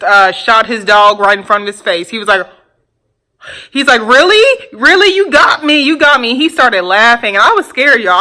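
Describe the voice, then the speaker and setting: A woman's voice: mid-range voice, bright, forceful tone. A woman in her twenties casually telling a storytime tale to her viewers, blunt and profane, laughing often. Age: 20s. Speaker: vlogger.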